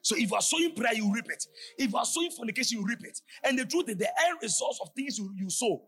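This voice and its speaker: Fervent high-voiced preacher shouting. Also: male voice, lively intonation, quick pace, faint music behind. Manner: fervent, often shouting, rising into sing-song cadence. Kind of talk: sermon.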